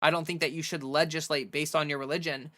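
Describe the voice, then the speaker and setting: A woman's voice: sits low, quick pace. A woman hosting a casual livestream, talking animatedly with lots of fillers and restarts as she rants and reads chat. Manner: animated, heavy use of "like", frequent restarts. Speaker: livestream host.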